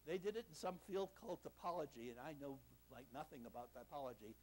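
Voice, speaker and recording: A man's voice: fairly high pitch, expressive, fast, a little hiss or hum. An older man giving a university lecture in a lecture hall, telling stories with a self-deprecating sense of humor.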